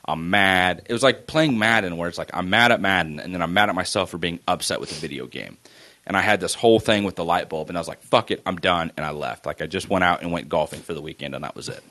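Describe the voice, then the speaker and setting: Deep-voiced man telling a story. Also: quick pace. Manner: animated storytelling, frequent swearing. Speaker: podcast co-host. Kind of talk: casual chat.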